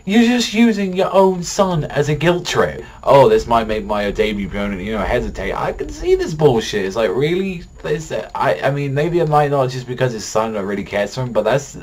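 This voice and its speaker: A man's voice: on the high side, expressive, moderate pace, hardly any pauses, darkish tone. A young man casually reviewing a manga chapter in a rambling, profane, worked-up way.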